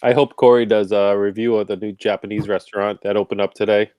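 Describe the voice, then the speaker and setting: A man's voice: fairly low pitch, little pitch movement, fast talker, dark tone, no echo. A man co-hosting a casual late-night live stream from a brick-walled room at home, chatty and friendly with viewers. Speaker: podcast co-host.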